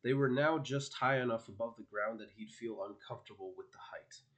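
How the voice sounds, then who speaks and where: A man narrating an audiobook in a steady, expressive storytelling manner. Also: mid-range voice, fairly quick.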